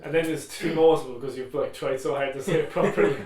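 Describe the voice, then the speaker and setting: A man's voice: mid-range voice, fairly even intonation, fast, darkish tone. A man co-hosting a podcast in casual chat, talking loosely and swearing now and then. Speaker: podcast co-host. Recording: echoey room, faint noise.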